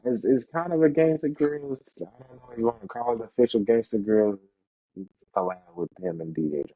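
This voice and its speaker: A man co-hosting a podcast, chatting casually about music and now and then jumping into a high voice to imitate rappers. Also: a little fast, dry recording, dull audio. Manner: animated, mimics rappers in a high voice. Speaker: podcast co-host. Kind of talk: casual chat.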